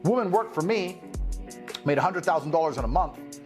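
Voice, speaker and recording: A man delivers a brash, profane rant full of mockery. His pitch swings widely between mocking highs and flat lows. Clear music runs underneath his voice. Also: a little fast. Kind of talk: ranting monologue. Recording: speech with music mixed in.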